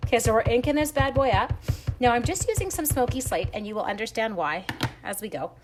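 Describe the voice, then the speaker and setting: A woman's voice: a little high, expressive, fast. Giggly woman chatting through a stamping demo. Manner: giggly, self-teasing, greets viewers by name as she works. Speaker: stamping demonstrator hosting a live stream. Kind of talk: chatty live crafting demo.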